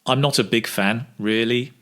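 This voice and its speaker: A man teaching English speaking, modelling phrases slowly with exaggerated intonation for learners to repeat. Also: mid-range voice, fairly bright tone. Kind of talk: slow, clear pronunciation drill.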